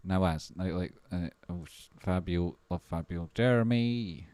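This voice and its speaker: Deep-voiced excitable man. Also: unhurried, no room sound. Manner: swears freely, rambling and excitable. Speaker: livestream host. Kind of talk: casual livestream chat.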